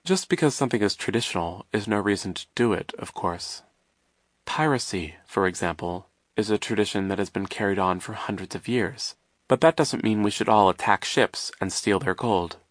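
A man narrating an audiobook in a wry, measured storytelling manner. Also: on the low side, no room sound, clean studio sound.

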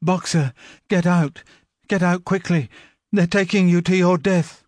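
A man's voice: high-pitched, fairly even intonation, measured pace, a little mellow, no room sound, pitched above the performer's own voice. A man doing a stout motherly mare crying out. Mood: desperate cries. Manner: crying out desperately.

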